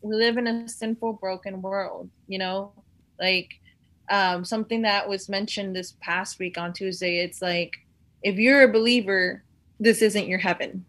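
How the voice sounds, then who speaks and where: A woman's voice: mid-range voice, fairly even intonation, a little slow, a bit bright. A woman talking casually about her faith, rambling with many fillers and acting out conversations she has had. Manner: acts out quoted conversations.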